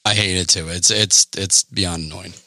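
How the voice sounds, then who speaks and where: A man co-hosting a podcast in casual chat, animated and quick to laugh, swearing often. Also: sits low, vocal fry, dry recording, clean studio sound. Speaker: podcast co-host.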